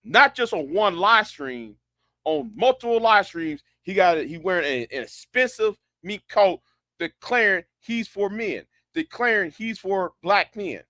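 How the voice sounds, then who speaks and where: Man, sarcastic commentary, tense bright tone, dry close sound. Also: high voice, expressive, measured pace, no room sound. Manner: sarcastic, incredulous, repeats himself. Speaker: online commentator. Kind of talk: ranting commentary.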